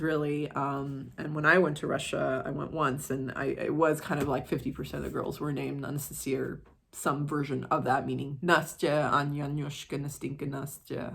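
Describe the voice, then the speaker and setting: Her voice sits low and creaky with a bit of brightness. She's an American art vlogger in casual conversation, rambling off on tangents and swearing offhandedly along the way.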